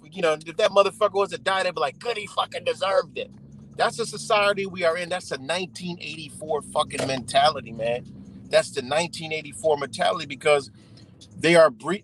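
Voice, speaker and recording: A man livestreams from his car in a heated, profane rant, tacking "man" onto the end of his lines. His voice sits a little high for a man. Faint road noise runs under him. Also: fairly bright tone, poor audio. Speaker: livestream host.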